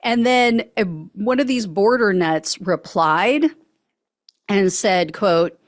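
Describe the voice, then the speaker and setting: Woman, news show host, sarcastic commentary, laughs often, mid pitch, dry close sound. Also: animated, slow, no room sound. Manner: mocking, laughs often between lines.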